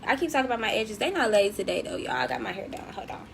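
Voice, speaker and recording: Young woman host, casual livestream chat, slangy and animated, faint background hiss. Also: mid-range voice, quick pace, gravelly, few pauses. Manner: lively, slangy, laughs often, addresses viewers directly. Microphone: desk mic.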